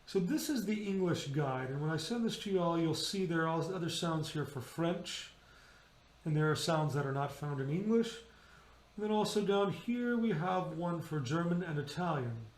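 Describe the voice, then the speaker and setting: High-voiced man coaching choir diction. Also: animated, moderate pace, echoey room. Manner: demonstrative, modeling vowel and consonant sounds aloud. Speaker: choir director. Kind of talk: rehearsal teaching on singing diction. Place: indoors, remote rehearsal video.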